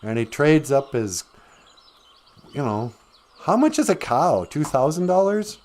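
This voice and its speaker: Man, live stream host, casual comic storytelling, rambling asides, slow pace. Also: on the high side, sing-song, darkish tone.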